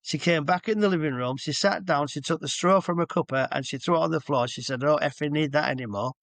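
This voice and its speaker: Bloke in his 60s, hypnotherapist guest, rambly stories, bit high voice, dry sound. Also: fast, vocal fry, a bit bright, no echo. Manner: chatty, rambling, stops to explain asides. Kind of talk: casual anecdotal storytelling. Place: at home with a dog nearby.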